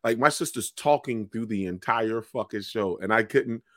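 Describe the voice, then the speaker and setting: A man who is a stand-up comedian, telling stories in casual podcast chat, animated and swearing freely, often breaking into laughter. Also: on the low side, normal speed, dry recording, studio quality.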